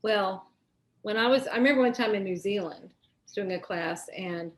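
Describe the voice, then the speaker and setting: A woman's voice: medium pitch, moderate pace. A middle-aged woman with a Southern US accent hosts a casual live-stream chat, chatty and laughing often. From American South. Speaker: show host.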